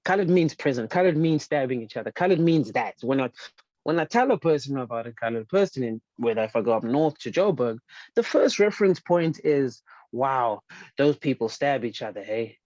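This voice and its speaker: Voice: medium pitch, expressive, brisk, a little mellow, dry recording, muffled recording. An earnest panelist speaks in a panel discussion, often repeating words while searching for the next thought.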